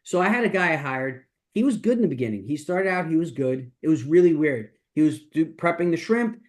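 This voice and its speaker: A man's voice: a little high, expressive, brisk, darkish tone. A middle-aged man, a business coach, talking casually and emphatically in a masterclass, with frequent restarts. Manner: rambling, emphatic, with many restarts.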